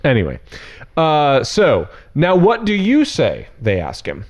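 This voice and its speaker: Male pastor, higher voice, animated delivery; casual, sarcastic sermon with joking asides. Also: slow, lo-fi sound. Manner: frank and irreverent. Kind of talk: casual conversational sermon with scripture reading.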